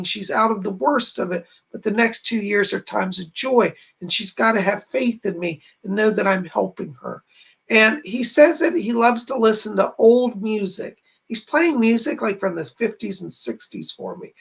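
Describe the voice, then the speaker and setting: A man's voice: high-pitched, creaky, fairly bright tone, husky. A man hosting a livestream, chatting casually as he reads viewers' messages aloud and gives psychic readings. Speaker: psychic medium host.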